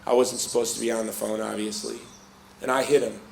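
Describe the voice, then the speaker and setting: A middle-aged Chicago man tells a personal story to a live audience, acting out the voices of the people he quotes with lively energy. His voice is gravelly and on the low side, fairly quick, with a roomy sound and slight background noise.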